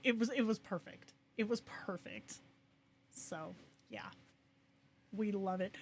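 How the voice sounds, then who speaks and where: A young adult woman hosting a casual livestream, chatting excitedly and reacting to viewers with quick asides. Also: on the high side, a little hiss or hum. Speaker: livestream host.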